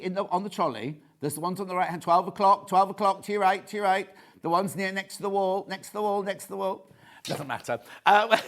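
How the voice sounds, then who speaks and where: Chatty, camp male shopping-TV host. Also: sits high. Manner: chatty, camp and jokey, reads out viewer messages. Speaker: shopping channel presenter. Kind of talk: live TV shopping chat.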